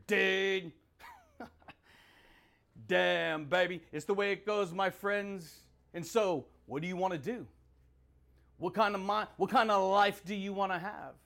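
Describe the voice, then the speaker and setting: Podcast host, male, high pitch, rambling motivational riff with laughs and catchphrases. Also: fairly bright tone. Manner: rambling, laughs between points, swears; repeats catchphrases and calls listeners dude and baby. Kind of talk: motivational monologue.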